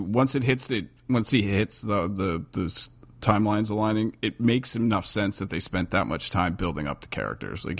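American guy, casual podcast co-host, low gravelly voice, rambling. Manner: rambling, self-mocking. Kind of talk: casual chat.

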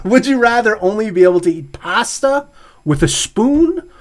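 A man's voice: sits high, expressive, normal speed. A middle-aged man hosting a podcast, chatting casually, laughing often and reading out questions. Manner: laughs often, reads out would-you-rather questions. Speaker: podcast host. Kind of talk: casual chat.

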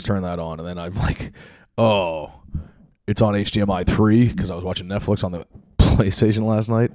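A man's voice: sits low, dark tone, no room sound, clean studio sound. A man hosting a podcast, rambling in a casual, profane and self-mocking monologue from his home basement. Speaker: podcast host.

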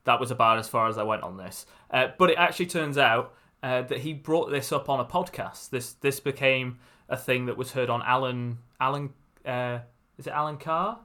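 A man with a Wrexham Welsh accent co-hosts a casual podcast. He speaks in a wry, self-deprecating way. His mid-range voice has a bright, sharp edge. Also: mid-range voice, moderate pace, hardly any pauses. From Wales. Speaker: podcast co-host. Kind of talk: casual chat.

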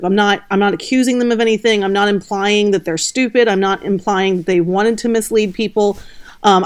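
A woman journalist, a guest on a podcast, explaining in a gentle way with frequent restarts. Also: mid-range voice. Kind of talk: podcast interview.

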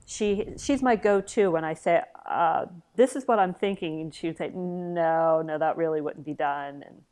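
A middle-aged woman with a very low-pitched voice, co-hosting a podcast. She tells stories at an easy pace and often stammers into repeated words. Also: moderate pace, clean tone. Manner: warm storytelling, frequent stammered repeats. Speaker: podcast co-host. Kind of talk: casual chat.

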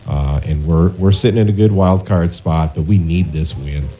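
A man's voice: sits low, normal speed, mellow, low-quality recording. A man, a guest and fan group founder, talking earnestly and a bit hesitantly in a casual tavern chat. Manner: earnest, hesitant sports talk.

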